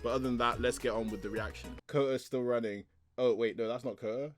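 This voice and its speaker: A young man chatting casually as he reacts to a manga chapter, excitable and quick to laugh, with loose, filler-heavy talk. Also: mid-range voice, soft background music.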